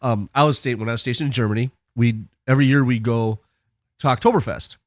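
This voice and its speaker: A middle-aged man chatting on a podcast, telling a crude story in a relaxed way and laughing as he goes. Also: mid-range voice, fast, dry recording, studio quality. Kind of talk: casual podcast chat, storytelling.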